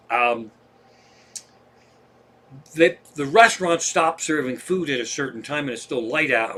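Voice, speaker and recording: Man comedian, bright voice, a bit high, profane, rambling stories. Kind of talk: casual stand-up storytelling. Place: home livestream.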